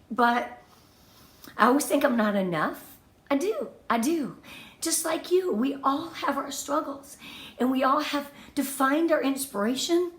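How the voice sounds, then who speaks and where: A bubbly, effusive woman in her fifties speaks with a fairly high voice, gushing and heartfelt as she leads a live training for her team. Her voice rings in a roomy, echoey space picked up by a webcam mic. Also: unhurried. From Southern California. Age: 50s. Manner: bubbly, effusive, emotional and lively. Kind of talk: livestream motivational talk. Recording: echoey room.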